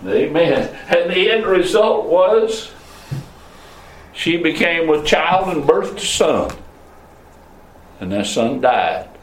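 A male pastor preaching a sermon, swinging between loud high calls and low murmurs. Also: lively intonation, slow, long pauses. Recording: echoey room, voice from a distance.

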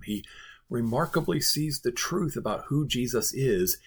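A man's voice: medium pitch, animated, normal speed, fairly bright tone, slight background noise. A male pastor giving an earnest devotional Bible teaching, stressing points by repeating phrases.

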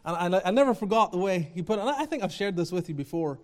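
A man preaching a sermon as pastor, swinging from low, quiet lines to loud, near-shouted ones and repeating phrases for emphasis. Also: animated, quick pace. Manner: passionate, rising to near-shouting then dropping low.

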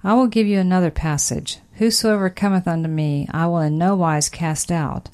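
A woman's voice: lowish voice, fairly even intonation, darkish tone. Woman reading an old sermon solemnly. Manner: solemn, measured, archaic phrasing. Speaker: sermon reader.

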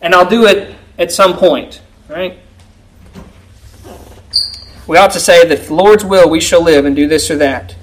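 A man's voice: fairly high pitch, a little slow, long pauses, rough recording. A man preaching a sermon to a congregation in a conversational style, often checking in with them by asking "right?". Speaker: pastor.

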